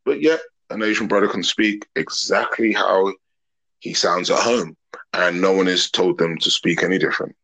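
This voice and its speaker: A man's voice: low-pitched, normal speed, a bit bright, low-quality recording. A man, a podcast guest talking openly and earnestly in long reflective thoughts. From England. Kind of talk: open casual conversation.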